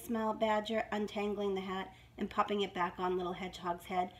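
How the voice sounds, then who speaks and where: A woman's voice: medium pitch, little pitch movement, fairly quick. A woman reading a storybook aloud to young children in a sing-song manner.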